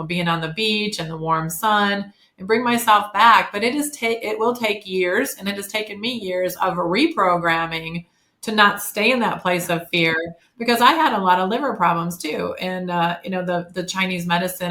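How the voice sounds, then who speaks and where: A woman's voice: fairly low pitch, bright, forceful tone. Chatty woman in her fifties in an echoey room. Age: 50s. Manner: candid, chatty, with frequent fillers and self-corrections. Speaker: podcast guest. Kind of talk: casual conversational interview.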